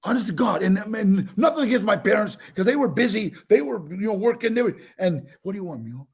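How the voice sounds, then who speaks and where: An older man telling his own life stories in a casual interview, animated, with many restarts and acted-out quotes. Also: high voice, brisk, breathy edge. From United States.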